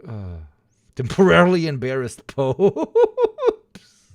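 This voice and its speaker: A man's voice: a little high, huge pitch swings, takes it slowly, dry recording, clean studio sound. A man streaming, ranting in a profane, sarcastic way and slipping into mock voices. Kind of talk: casual livestream commentary.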